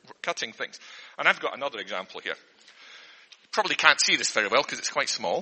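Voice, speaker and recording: Very bright, lively man. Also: mid-range voice, a little fast, breathy edge. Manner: earnest teacher patter, flustered and self-interrupting. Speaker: comedian. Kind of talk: mock spelling lesson for an audience. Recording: long hall reverb.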